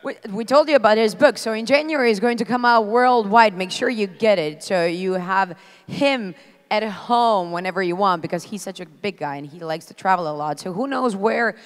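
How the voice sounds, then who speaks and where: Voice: mid-range voice, normal speed, smooth. An event moderator thanking the speaker and addressing the audience directly in an upbeat way. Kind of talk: stage announcement. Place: large conference hall. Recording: long hall reverb, crowd faintly behind.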